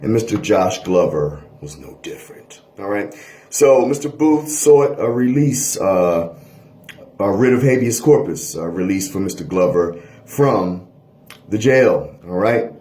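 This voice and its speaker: Animated male history lecturer, echoey room. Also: lowish voice, measured pace. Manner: animated lecturing, frequent "all right?" checks. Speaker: history teacher. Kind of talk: lecture video.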